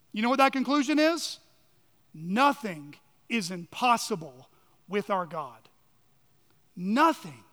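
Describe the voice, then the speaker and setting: Pastor, male, very high bright voice, earnest sermon, church hall with long reverb. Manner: earnest, emphatic, asks rhetorical questions. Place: church sanctuary.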